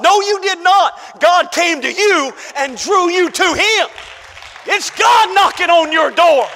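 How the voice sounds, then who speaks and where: A man preaching a sermon to his congregation, emphatic, rising to shouts and dropping to hushed asides, calling out to the room. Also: extremely high pitch, lively intonation, slow pace, some chatter behind. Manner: calls out to the congregation. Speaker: pastor. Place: church. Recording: long church-hall reverb.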